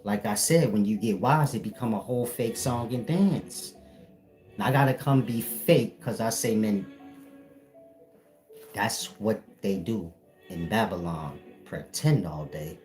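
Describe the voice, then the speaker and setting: A man acting as a spiritual teacher, lecturing his viewers bluntly in a firm, defined voice with no softness. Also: on the low side, unhurried, faint music behind. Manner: blunt, lecturing, scolding the audience. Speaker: self-styled spiritual teacher. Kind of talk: preachy solo monologue to viewers.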